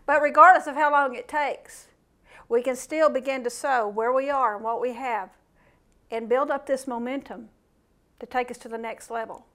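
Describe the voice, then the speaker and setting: A woman preaching an informal sermon, talking to her congregation in a relaxed, conversational way with playful asides. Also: sits high, normal speed. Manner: conversational, animated, playful asides and mimicked voices.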